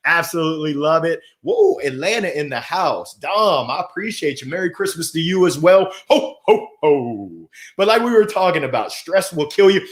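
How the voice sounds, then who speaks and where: A man hosts a motivational livestream into a microphone, his voice sitting high and swinging animatedly up and down. He keeps the energy playful and upbeat, greeting viewers by name as he encourages them. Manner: energetic, playful, reads out viewer comments with shout-outs. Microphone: gold microphone.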